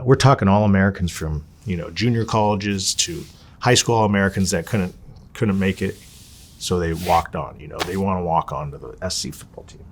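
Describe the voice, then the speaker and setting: Husky low-voiced man telling a profane story. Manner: animated, profane, acts out quoted people. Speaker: interview subject. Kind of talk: storytelling in a sit-down interview.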